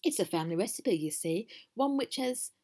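A woman's voice: medium pitch, expressive, moderate pace, a little mellow, natural voice. A woman voicing a magnanimous, polite mother goat in a storybook reading. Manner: polite and reasonable.

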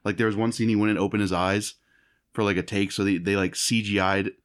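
Low-ish guy rambling on a podcast, jokey, loose. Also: level tone, brisk. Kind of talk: casual chat.

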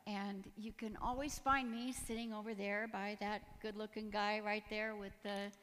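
A woman's voice: medium pitch, level tone, normal speed, a bit bright, long reverb tail, slight background noise. A woman giving a personal testimony in church, earnest and emotional, with nervous little laughs. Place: church sanctuary.

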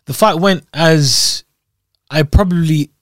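A young man from Scotland talks in a loose, jokey, rambling way on a podcast. His voice sits a little high for a man. The sound is dry and close, with no room around it. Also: slow pace, fairly bright tone, dry recording. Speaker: podcast co-host. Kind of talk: casual chat.

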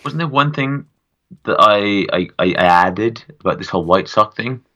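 A man's voice: lowish voice, animated, sharp tone. A man co-hosting a podcast, bantering and teasing his partner in casual chat. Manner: bantering, quick to tease and push back. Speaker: podcast co-host.

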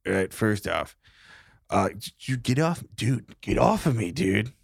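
A man plays a frightened young medic with a cold in a tabletop game. The voice comes out stuffy and nasal over a low, gravelly base. He rambles and defends himself nonstop, recorded dry and close. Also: very animated, a little slow, no room sound, exaggerated voice. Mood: nervous. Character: jittery young male medic with a head cold.

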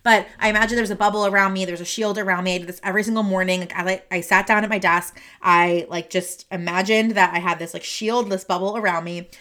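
A woman's voice: medium pitch, steady tone, fast talker, hardly any pauses, bright, forceful tone. Chatty, emotional woman podcast host. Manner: chatty, many fillers and restarts, laughs often. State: emotional, teary and sniffly. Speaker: podcast host and career coach. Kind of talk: casual solo podcast monologue. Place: her office, alone.

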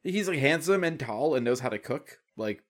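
A man's voice: mid-range voice, animated, normal speed. A man co-hosting a podcast in casual chat, rambling through stories and laughing often. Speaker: podcast co-host.

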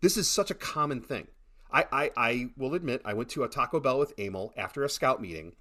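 A middle-aged man chatting casually on a podcast, telling animated stories with many repeated starts. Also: medium pitch, a little fast. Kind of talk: casual chat.

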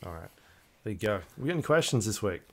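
A man hosting a casual podcast in a relaxed, easygoing way. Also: fairly low pitch, quick pace. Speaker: podcast host.

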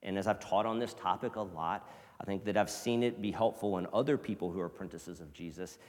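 A male pastor giving a casual, conversational sermon, swinging from loud emphasis to hushed near-whispers. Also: on the low side. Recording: long reverb of a large hall.

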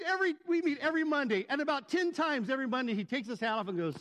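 A man with a notably high-pitched voice delivers a sermon in an easy, conversational way. He mixes scripture with humorous asides to the congregation. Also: expressive, racing, fairly bright tone, rough recording. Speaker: pastor.

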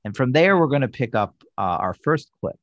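A podcast host with a medium-pitched voice talks a little fast, casually recapping a TV episode as an animated storyteller who acts out the characters' lines. The audio is dull, with no room sound.

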